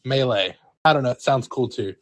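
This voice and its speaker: A mid-pitched man co-hosting a relaxed podcast. He talks with plenty of ums and uhs and laughs easily, in a sentimental tone. His voice is dry and close to the mic. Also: a little fast, no room sound. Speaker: podcast co-host. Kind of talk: casual chat.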